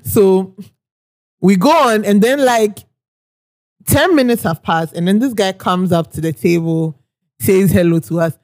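A young woman, co-hosting a podcast and telling an anecdote in casual chat, animated and quick to laugh as she acts out what people said. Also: mid-range voice, dry recording, studio quality. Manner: animated, laughing often, acting out quoted people. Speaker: podcast co-host.

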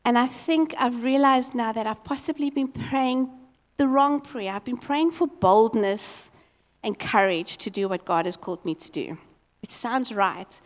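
A woman preaching a sermon as a lively, expressive storyteller. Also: a little high, a little slow, big-room sound.

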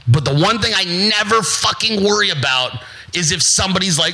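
A man's voice: sits high, sing-song, rapid-fire, bright, forceful tone, rough recording. A man hosting his own show, giving a brash, profane motivational monologue and mocking other people in put-on voices. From United States. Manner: brash, profane, emphatic, repetitive. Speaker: show host.

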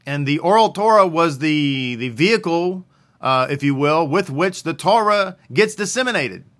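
A man with a fairly high, bright voice gives a religious teaching. He talks casually, poses questions and answers them himself, and stresses key phrases. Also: animated, moderate pace. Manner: conversational, asks and answers his own questions.

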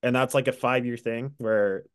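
A man's voice: medium pitch, steady tone, moderate pace, clear, resonant tone. Chatty young man on a sports podcast. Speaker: podcast co-host. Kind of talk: casual sports chat.

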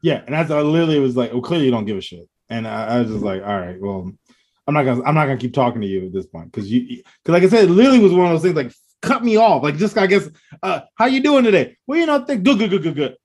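Talking very fast with an expressive, darkish mid-range voice, this podcast co-host rambles through stories in a casual chat. He laughs as he imitates the people from his phone calls.

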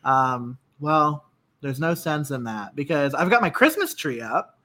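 A woman from Northeast Ohio co-hosting a podcast from her home desk, chatting casually with lots of fillers and sudden jumps in pitch. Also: very animated, a little slow, fairly bright tone. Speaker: podcast co-host. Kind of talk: casual chat.

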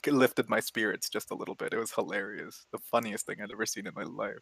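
A man's voice: fairly low pitch, quick pace, gravelly, a bit bright, slightly rough, no room sound. A man telling a rambling story in casual chat, swearing a lot and laughing as he goes. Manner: profane, rambling, laughs as he talks.

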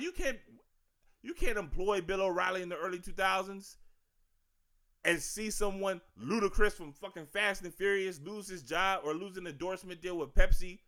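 A man's voice: high voice, bright, forceful tone. Emphatic D.C. man ranting on a podcast. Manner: emphatic, slangy, profane ranting. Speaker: podcast host. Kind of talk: casual sports and culture commentary.

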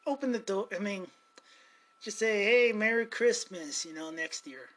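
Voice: mid-range voice, animated, normal speed, a bit bright. A podcast host chatting casually at home, rambling, laughing often and swearing now and then. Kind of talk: casual chat. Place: at home with cats.

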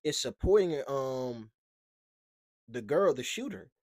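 A man's voice: medium pitch, expressive, takes it slowly, a little mellow, no room sound. A man co-hosting a podcast, giving casual, slangy commentary on the news, joking around and stumbling over his words. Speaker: podcast co-host.

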